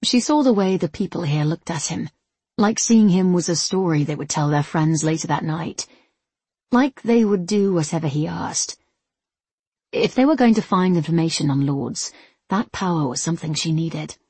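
Husky-voiced woman narrating a novel. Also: fairly low pitch, lively intonation, moderate pace, mellow, dry recording. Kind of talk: audiobook narration.

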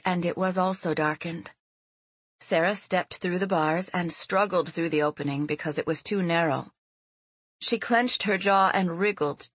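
A woman reading a fantasy novel aloud as an audiobook narrator, in a measured and expressive storytelling manner. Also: fairly low pitch, no room sound.

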